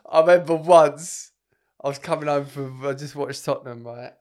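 A man's voice: on the high side, moderate pace. A man co-hosting a podcast, chatting casually, joking, swearing and laughing often. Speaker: podcast co-host. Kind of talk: casual chat.

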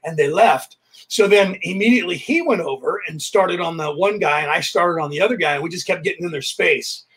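A man with a rather high, husky voice tells a story in a loose, chatty way. He hosts a podcast and keeps slipping into the voices of the people in his anecdote, acting out what each one said. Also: fairly quick. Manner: animated, re-enacts dialogue while telling stories. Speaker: podcast host.

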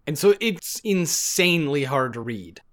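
A man co-hosting a podcast in casual comedic chat, delivering dry, deadpan sarcasm. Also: on the high side, a little slow. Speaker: podcast co-host.

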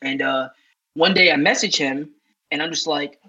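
A man telling a story as a podcast guest, casual and animated, swearing freely and acting out what people said. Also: on the high side, moderate pace, husky, no echo, muffled recording. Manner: animated, swears freely, acts out quoted talk. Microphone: remote headset.

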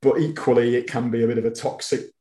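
A man's voice: medium pitch, flat delivery, fast talker, mellow. Chatty man with a Wigan accent. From Wigan, England. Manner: chatty, self-deprecating, frequent stammered restarts. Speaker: author guest. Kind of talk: casual interview chat. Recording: echoey room.

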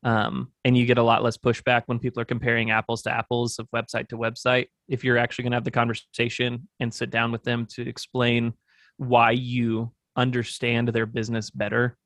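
A man's voice: medium pitch, monotone, brisk, a bit bright, dry recording. Rambling man, dry close sound. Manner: thoughtful, rambling with fillers. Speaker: agency owner, podcast guest. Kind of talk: casual interview talk.

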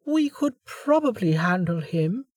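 A self-assured young woman fighter from a fantasy audiobook, as a man puts her on, raised in pitch and a little hushed, with a dry wit. The recording is close and without echo. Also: very animated, a little slow, heavily acted. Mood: wry.

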